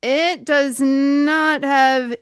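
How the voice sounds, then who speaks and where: A woman with a high voice, recorded close and dry with little room sound. She co-hosts a casual bourbon tasting stream, answering in a hesitant, understated way with a dry wit. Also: steady tone, very slow, dry recording. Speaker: podcast co-host.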